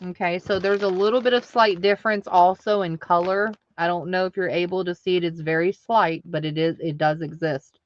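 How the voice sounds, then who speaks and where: A woman's voice: fairly low pitch, steady tone, fairly quick, hardly any pauses, dull audio. A woman hosting a live online craft sale, chatting casually and answering viewer comments aloud. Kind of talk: casual live-selling chat.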